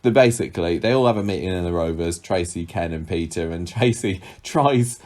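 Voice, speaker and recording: A man's voice: low voice, normal speed, a little mellow. A man co-hosting a casual chat podcast about a soap opera, chatty, often laughing and acting out quotes in funny voices. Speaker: podcast co-host.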